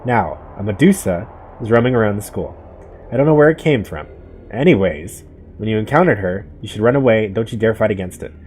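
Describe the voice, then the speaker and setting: A man's voice: fairly low pitch, expressive, fairly quick, a little mellow, slight background noise, close to an everyday voice. A man voicing a stern male teacher who gives orders in a firm, raised voice. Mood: commanding.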